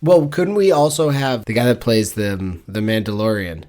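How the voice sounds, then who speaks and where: Low-voiced man co-hosting a chat. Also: moderate pace, darkish tone. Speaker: podcast co-host. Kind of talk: casual chat.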